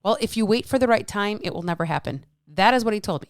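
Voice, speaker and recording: A woman's voice: medium pitch, fast, no echo, studio quality. A woman in her thirties, a fitness coach hosting her own podcast, ranting bluntly and with lots of swearing, exasperated. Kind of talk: solo podcast rant.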